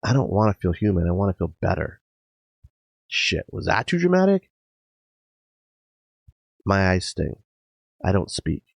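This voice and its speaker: A man hosting a podcast, narrating a personal story in a dramatic first-person style, intense and emotional with sudden loud outbursts. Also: low voice, creaky, breathy edge, no room sound. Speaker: podcast host. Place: garage.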